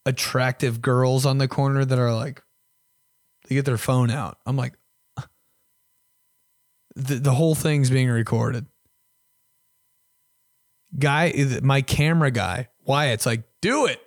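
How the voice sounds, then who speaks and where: In a dry, close recording with no echo, a young man spins crude, self-deprecating tales for his podcast, chatting loosely. His middle-pitched voice keeps a steady tone and moves slowly with long pauses, though it often shifts between loud and hushed.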